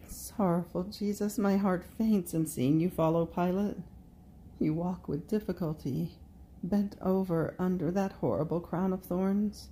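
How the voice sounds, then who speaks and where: A woman reading a devotional meditation in a slow, prayerful way, speaking directly to Jesus. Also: on the low side, warm tone, a little hiss or hum. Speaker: devotional reader.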